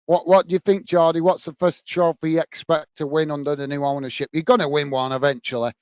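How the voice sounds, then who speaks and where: English guy doing a casual footy watchalong, bit higher voice, dry close mic. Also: level tone, quick pace, darkish tone, clean tone, no echo. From England. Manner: casual, chatty, calls viewers mate and guys. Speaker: watchalong host. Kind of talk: live match commentary and chat with viewers.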